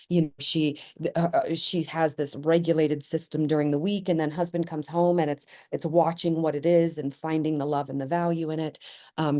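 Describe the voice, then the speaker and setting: A middle-aged woman with a low voice gives a loose, unscripted spiritual talk. Her tone is mellow and soft-edged. She thinks aloud as she goes, wandering between ideas with fillers and restarts. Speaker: spiritual teacher. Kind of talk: spontaneous spoken teaching.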